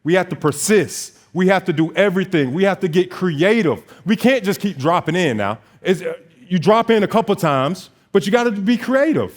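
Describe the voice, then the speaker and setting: A man in his twenties, a notary business owner giving a motivational talk on stage, telling his story in an animated way and acting out bits of dialogue. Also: sits high, moderate pace, few pauses. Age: 20s.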